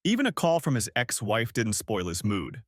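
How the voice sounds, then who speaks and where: A man narrating an audiobook story in an expressive way. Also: lowish voice, moderate pace, no room sound, clean studio sound.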